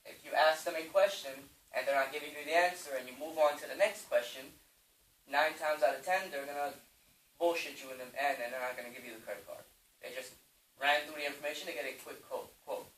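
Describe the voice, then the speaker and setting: A man's voice: fairly high pitch, steady tone, brisk, a bit bright. A man leading a casual sales training seminar, speaking directly and often repeating himself. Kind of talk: informal training seminar talk. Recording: echoey room from a distance, faint noise.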